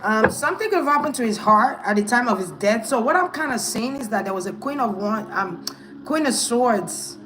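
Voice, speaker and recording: A woman's voice: a little high, lively intonation, normal speed, over music, poor audio. A woman giving a casual tarot reading, thinking aloud in a hesitant, musing way. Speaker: tarot reader.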